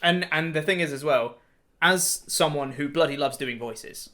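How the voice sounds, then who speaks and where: Bright-voiced man, podcast host. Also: on the high side, normal speed. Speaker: podcast host and game master. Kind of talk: casual podcast chat.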